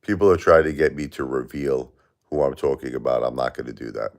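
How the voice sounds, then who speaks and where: Aggrieved man, extremely deep and gravelly. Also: fairly quick. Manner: aggrieved, plaintive, repetitive. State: grieving. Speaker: livestream host. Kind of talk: live-stream monologue reading chat.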